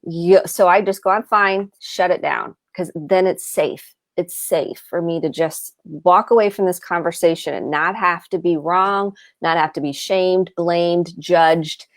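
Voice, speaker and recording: A woman's voice: lowish voice, measured pace, few pauses, no echo. A middle-aged American woman from the Midwest, a therapist giving earnest advice and acting out example lines. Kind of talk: advice talk on a live show.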